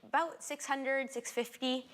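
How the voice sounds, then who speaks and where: A woman's voice: sits high, steady tone, measured pace, a bit bright. A young woman from Alaska chatting as a talk show guest, giggly and saying "like" a lot. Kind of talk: casual chat.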